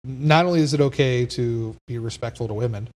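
Man, podcast host, mid-pitched voice, earnest, rambling. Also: a little fast, a little mellow. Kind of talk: casual chat.

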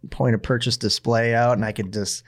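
A man's voice: mid-range voice, a little fast. A man hosts a casual podcast in an ordinary mid-range voice. He tells his stories with animation and acts out what other people said. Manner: animated storyteller, acts out quotes. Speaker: podcast host. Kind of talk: casual chat, storytelling.

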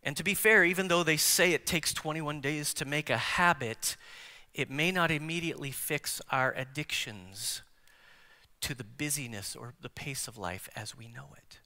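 A pastor with a bright, slightly high voice delivers a forceful sermon at moderate pace, swinging from loud declarations to hushed near-whispers. He questions the congregation directly, his words echoing with the long reverb of a large church sanctuary.

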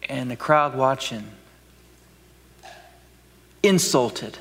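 A man's voice: fairly high pitch, measured pace, fairly bright tone, long reverb tail. A man preaching a sermon with dramatic delivery, acting out voices and dropping to whispers for emphasis. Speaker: pastor.

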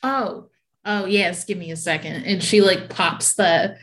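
A woman's voice: fairly low pitch, steady tone, measured pace, fairly bright tone. A woman describing her character in a tabletop game, rambling with many fillers and giggles. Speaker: player.

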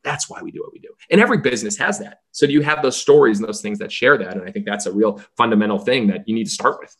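A man who runs a baseball team, telling stories as a podcast guest in an energetic way that acts out the voices he quotes. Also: on the low side, rapid-fire, slightly rough.

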